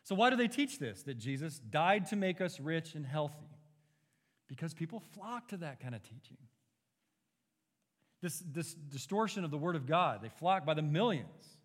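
A man's voice: on the high side, very animated, normal speed, in a large hall. A man preaching an expository sermon as a pastor, earnest and emphatic, pushing his rhetorical questions upward.

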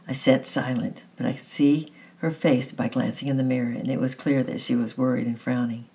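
A gentle reader narrates a children's novel aloud, chapter by chapter. The voice is dark and mellow, with a gravelly texture. The reading is calm and unhurried, and the reader signs off with affection. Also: mid-range voice, low-quality recording. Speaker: storybook reader.

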